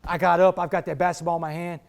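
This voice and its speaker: A man with a high-pitched voice delivers a motivational talk to a football team. He tells his story in an animated, streetwise manner, often calling the listeners "man" and "y'all.". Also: quick pace, creaky. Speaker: motivational speaker. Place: indoors, speaking to a football team.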